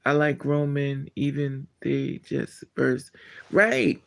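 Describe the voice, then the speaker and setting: Blunt, creaky-voiced man chatting live. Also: medium pitch, slow pace. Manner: blunt, candid and animated, laughing and trailing off. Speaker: live-stream host answering chat. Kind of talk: casual live-stream chat.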